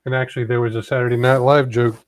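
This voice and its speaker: A mid-pitched man makes wisecracks while playing a tabletop game. He describes what his character does in a plain, casual voice. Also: level tone, fast talker, dry recording. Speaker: player.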